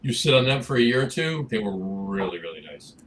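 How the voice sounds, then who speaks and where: A man's voice: fairly low pitch, big pitch swings, fairly quick, fairly bright tone, slight background noise. A man co-hosting a casual beer podcast, rambling with many restarts and fillers. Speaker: podcast co-host. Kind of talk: casual chat about craft beer.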